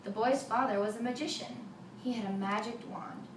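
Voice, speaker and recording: A woman telling a folk tale for children, with lively sound effects, in a roomy recording from a distant mic with faint noise. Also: fairly high pitch, moderate pace. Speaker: storyteller.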